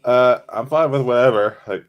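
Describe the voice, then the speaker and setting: A man's voice: mid-range voice, moderate pace, clear, resonant tone, lo-fi sound. A man in his twenties, a guest on a casual call, easygoing and full of uh and like. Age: 20s. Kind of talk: casual chat.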